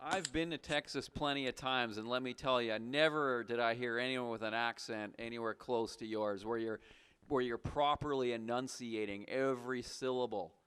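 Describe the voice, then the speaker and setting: Smooth-voiced man hosting a call-in show. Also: medium pitch, fairly even intonation, normal speed, fairly bright tone. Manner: teasing, mock-suspicious. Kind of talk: casual call-in banter.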